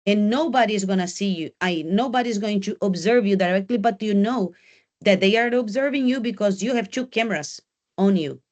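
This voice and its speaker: A woman's voice: mid-range voice, brisk, a little mellow. A woman English teacher giving an exam preparation class in a classroom, talking directly and repeating key points as she coaches.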